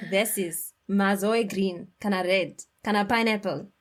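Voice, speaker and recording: A woman's voice: mid-range voice, steady tone, measured pace. A woman hosting a podcast, with a British accent touched by Zimbabwean speech, laughing often and wandering into tangents while she asks questions. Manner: giggly, warm teasing, rambling tangents. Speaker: podcast host. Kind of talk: casual interview.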